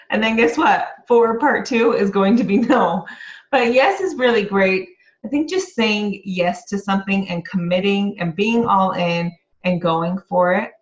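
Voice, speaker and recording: A middle-aged woman, a real estate agent, giving an upbeat, encouraging motivational talk to the camera. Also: mid-range voice. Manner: upbeat and encouraging, breaks into laughter. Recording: roomy, slightly dull lo-fi sound.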